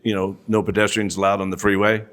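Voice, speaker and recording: A man in his sixties, appearing as a podcast guest, tells an old story hesitantly in a casual chat, repeating short agreements. His voice is on the low side, level in tone and a bit bright, and he talks fast.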